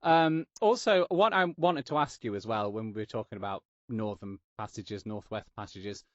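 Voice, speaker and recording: A man's voice: fairly low pitch, normal speed, no echo. A man from Yorkshire hosting a casual interview, with a neutral English accent that has a slight Northern edge, chatty and joking. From Yorkshire, England. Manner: chatty, joking, self-deprecating. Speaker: podcast host. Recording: dull lo-fi dry sound.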